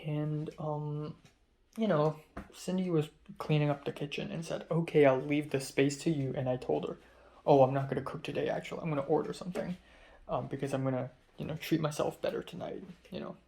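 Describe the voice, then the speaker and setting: A young man recounts his day to the camera in a loose, rambling vlog diary, often correcting himself mid-story. His voice sits a little high, and it sometimes drops to a low mumble. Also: fairly even intonation, brisk, vocal fry, dark tone. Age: young adult. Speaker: vlogger.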